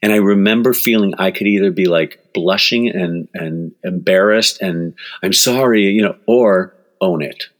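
A man in his sixties speaks in a deep, low voice as an author being interviewed. He tells personal stories with lots of energy, breaks into laughter often, and acts out what other people said. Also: normal speed, few pauses. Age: 60s. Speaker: author and guest. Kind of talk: storytelling in interview.

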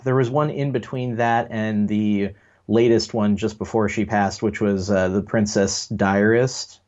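A man co-hosting a casual pop culture podcast, rambling and joking with lots of fillers. His voice sits on the low side. The recording sounds dull and lo-fi. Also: fairly even intonation, unhurried, darkish tone. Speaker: podcast co-host.

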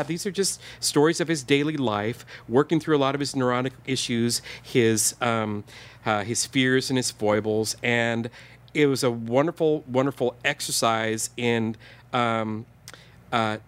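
A man co-hosting a podcast, chatting casually in a rambling way with lots of fillers and restarts. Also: medium pitch. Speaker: podcast co-host. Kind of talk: casual chat.

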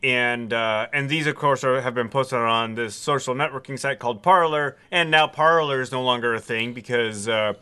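Wry male podcast co-host, halting delivery, bright and crisp voice. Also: medium pitch. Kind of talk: casual chat.

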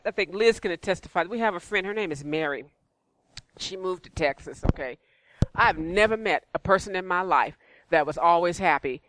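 Woman church speaker, bright tone, chatty sermon delivery. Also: fairly low pitch. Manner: conversational preaching, repetitive.

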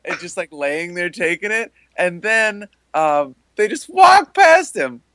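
A man on a movie podcast, joking and retelling scenes with an animated delivery. His pitch moves a lot and his tone is bright. The recording is dry. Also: takes it slowly, dry recording. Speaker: podcast co-host. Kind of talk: casual movie review chat.

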